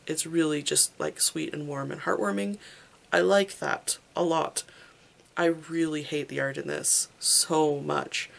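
A casual library-haul reviewer with a gravelly, fry-tinged voice. The talk stumbles along on frequent ums and restarts, and the opinions come out blunt and candid. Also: medium pitch. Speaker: book reviewer.

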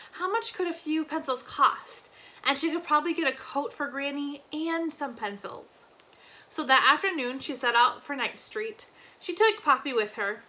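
A woman reading a novel aloud in an expressive storybook narration. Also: a little high, rough recording. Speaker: reader.

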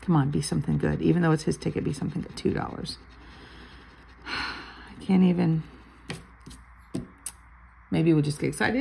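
A woman's voice: low-pitched, vocal fry, noisy background. An older woman reading out lottery numbers and chatting playfully as she scratches tickets, sometimes muttering under her breath. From Florida. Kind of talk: casual chat while scratching tickets.

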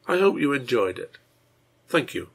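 A man reads a serial story aloud in steady, measured narration. His voice is gravelly and faintly husky, at a middle pitch. He speaks as the work's own translator. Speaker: translator and reader. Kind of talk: scripted narration.

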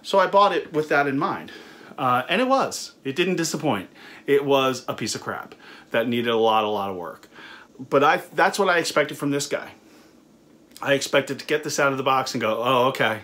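A man's voice: medium pitch, expressive, moderate pace, fairly bright tone. A middle-aged man who owns a recording studio, reviewing a budget guitar in a casual, conversational way with frequent fillers and restarts. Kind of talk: casual product review talk.

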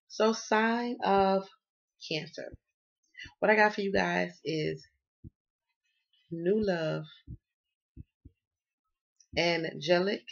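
A woman with a Southern US accent reads tarot and chats casually, slangy and playful, cussing freely. The voice is fairly low, husky, with vocal fry, captured in dull lo-fi sound.

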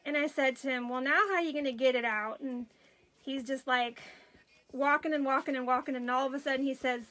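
A woman's voice: high voice, a little fast, low-quality recording. A woman hosting a craft live stream, chatting casually and telling stories to viewers while she works. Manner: chatty, animated storytelling, greets viewers while working.

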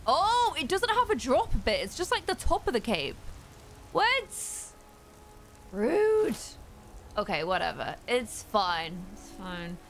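A woman's voice: mid-range voice, lively intonation, normal speed, few pauses, fairly bright tone, slight background noise. A young woman giving chatty, playful let's-play commentary into a desk mic, with giggly exclamations. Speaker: gaming streamer.

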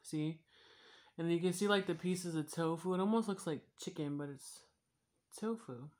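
A woman's voice: lowish voice, normal speed, a little mellow. A woman YouTuber chatting casually while eating on camera, rambling and swearing freely with lots of fillers. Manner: rambling and profane, with frequent fillers.

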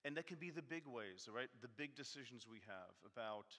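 Animated man preaching in a reverberant church. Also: medium pitch, fairly quick. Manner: self-deprecating, animated, mock-arguing with his text. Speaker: guest preacher. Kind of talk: conversational sermon. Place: church sanctuary.

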